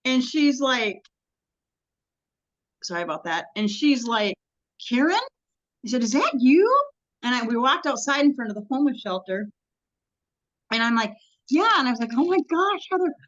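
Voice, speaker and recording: A woman guest in a casual interview, telling a long story in a halting, rambling way with many ums and restarts. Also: a little high, fairly bright tone, lo-fi sound.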